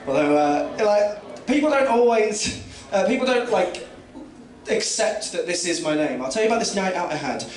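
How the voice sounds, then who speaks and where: A young stand-up comedian from Kent, England, with a southern English accent, works through a rambling, self-mocking set packed with fillers and restarts. His voice sits high and is expressive, at a moderate pace. The comedy club recording is roomy and noisy, with a distant mic.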